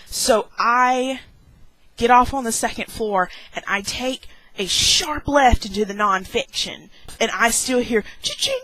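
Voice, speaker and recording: A young woman vlogger telling a dramatic story with many "like"s and squeaky acted-out exclamations. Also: big pitch swings, measured pace, sharp tone, no room sound, poor audio. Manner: heavy use of "like". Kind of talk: animated storytelling vlog.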